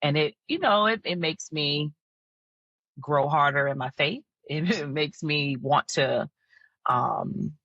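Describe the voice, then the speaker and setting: Taking her time, a low-pitched woman tells personal stories on a podcast where she's a guest, sounding reflective and candid and often laughing softly. She works as a mental health counselor. The recording is dry and lo-fi.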